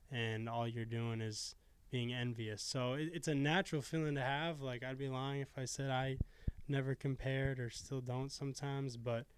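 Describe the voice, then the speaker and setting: Smooth, even-toned young man. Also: medium pitch, no room sound. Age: 20s. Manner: earnest, reflective, swears casually. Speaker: podcast guest. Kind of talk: casual podcast chat.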